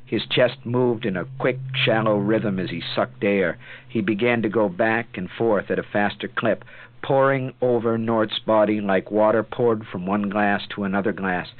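A man narrating an audiobook in a measured, dramatic way. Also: lowish voice. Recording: tinny phone-like sound.

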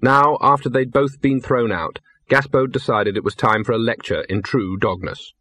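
A man reading a comic novel aloud as audiobook narrator, wry and measured. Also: medium pitch, steady tone, sharp tone, no echo. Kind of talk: scripted narration.

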